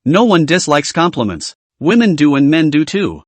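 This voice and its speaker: A man narrating a comic story recap in a steady, scripted storytelling manner. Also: a little high, moderate pace, no room sound.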